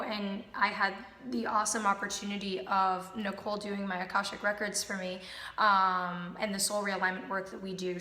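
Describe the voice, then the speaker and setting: A woman practitioner co-hosting a casual spiritual chat, calm and explanatory with many ums. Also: medium pitch. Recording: roomy echoey room.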